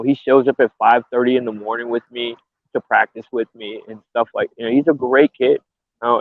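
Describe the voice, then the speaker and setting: A man's voice: medium pitch, dry recording. A man who fights and coaches, speaking earnestly and a little emotionally, often restarting his sentences. He comes through a tinny, phone-like video call line with a dry sound. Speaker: bare-knuckle fighter and coach. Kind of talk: casual interview.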